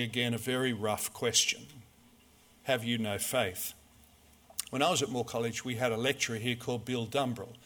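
A man preaching a sermon, measured and storytelling, full of rhetorical questions. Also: medium pitch, bright, forceful tone.

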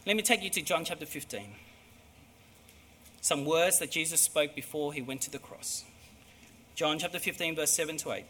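A man preaching a sermon, emphatic, moving between hushed and loud delivery. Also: fairly high pitch, very animated, normal speed, pauses often, breathy edge.

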